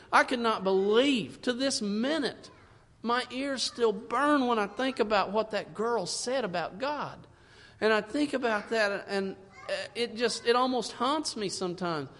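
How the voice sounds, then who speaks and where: High-voiced fervent preacher in a reverberant hall. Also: male voice. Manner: fervent, swings from loud emphasis to hushed asides; reads scripture in old-fashioned wording. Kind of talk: sermon. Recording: long reverb in a large hall.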